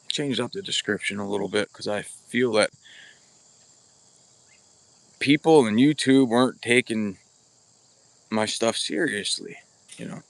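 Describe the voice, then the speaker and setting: A gravelly, fairly low-pitched man speaks at normal speed with no room sound. He's hosting a casual bowhunting livestream outdoors at an archery practice spot, addressing viewers bluntly and by name, recorded only on a camera or phone mic.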